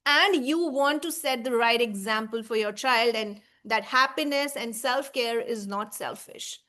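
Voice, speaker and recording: A woman's voice: on the high side, unhurried, sharp tone. A woman in her thirties, a baby sleep coach, giving a heartfelt talk to mothers, earnest and reassuring, often checking in with "right?" and "okay?". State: emotional, tearing up.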